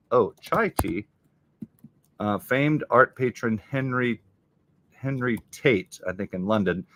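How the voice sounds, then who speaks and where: A man's voice: lowish voice, a bit bright. A man hosting a live stream, reading crossword clues aloud and muttering his guesses as he solves. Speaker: livestream host solving a crossword. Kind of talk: casual live-stream puzzle solving.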